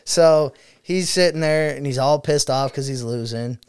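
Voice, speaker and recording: A man's voice: a little high, normal speed, clean tone, dry recording, studio quality. A young man, a student teacher, telling stories in a casual chat, swearing freely and laughing as he goes. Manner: profane, laughing, animated storyteller.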